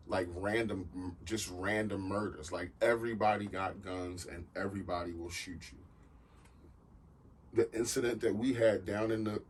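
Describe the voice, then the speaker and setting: A man's voice: mid-range voice, husky, recorded from a distance. A man co-hosting a podcast, telling a story in a blunt, profane, casual way. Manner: blunt, profane, animated when excited. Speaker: podcast co-host.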